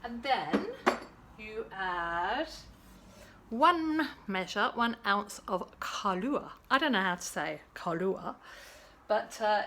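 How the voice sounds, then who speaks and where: A woman's voice: mid-range voice, a bit bright, slight background noise. A woman hosting a casual cocktail-making vlog at home, chatty and playful. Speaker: host.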